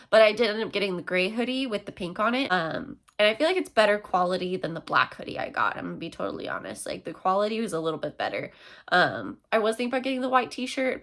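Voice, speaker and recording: A young woman vlogger chatting casually through a storytime, excitable and full of fillers. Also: fairly low pitch.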